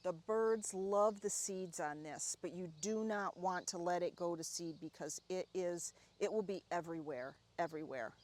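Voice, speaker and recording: A woman giving a casual, chatty tour of her home garden, talking warmly and excitedly about her plants as she walks. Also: fairly low pitch, normal speed, few pauses. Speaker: gardening vlogger.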